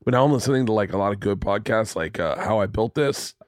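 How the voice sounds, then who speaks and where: A fairly low-pitched male podcast host in his thirties talks quickly, recorded dry and clean in a home studio. He's an animated storyteller, swearing casually and performing the quotes in his tale.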